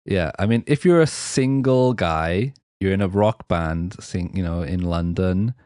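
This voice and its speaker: A man's voice: low-pitched, measured pace, a little mellow, clean tone, no echo, studio quality. A man from Wales hosting a podcast, chatting casually and rambling with fillers. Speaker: podcast host.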